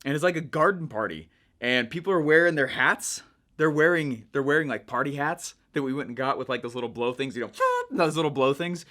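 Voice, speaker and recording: A young man coaching viewers in a chatty, energetic way, checking in with "right?" as he explains. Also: on the high side, a little fast. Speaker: online marketing coach. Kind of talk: casual teaching monologue.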